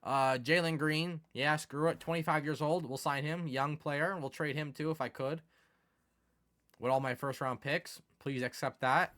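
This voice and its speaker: Young man, gaming commentator, bright higher voice, excitable, casual. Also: measured pace. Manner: excitable, swings from mumbling to exasperated yelling.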